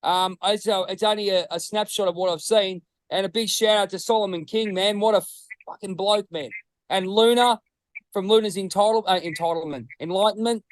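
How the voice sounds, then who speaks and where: An Australian man chats loosely on a podcast, restarting sentences and swearing freely. His voice sits fairly high. The recording is dry and close. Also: normal speed, no room sound, low-quality recording. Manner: rambling, swearing, restarts often. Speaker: podcast co-host. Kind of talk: casual chat.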